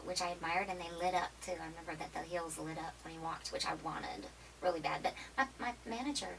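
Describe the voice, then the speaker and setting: A woman from Oklahoma telling stories as an interview guest, lively and quick to laugh. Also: sits low. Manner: lively, laughing, quotes people in acted asides. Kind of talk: storytelling in a casual interview. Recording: distant mic with clear background noise.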